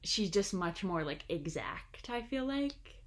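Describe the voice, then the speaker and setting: A woman's voice: mid-range voice, sing-song, slow. A young woman co-hosting a podcast in casual chat, hedging often with "like" and "I don't know". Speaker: podcast co-host.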